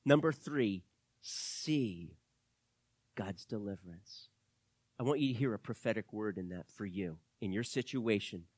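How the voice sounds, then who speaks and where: A pastor preaching a sermon to his church, swinging between hushed words and loud, fervent calls. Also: fairly low pitch, unhurried, slightly rough, no room sound. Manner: dramatic, swings from hushed to shouting.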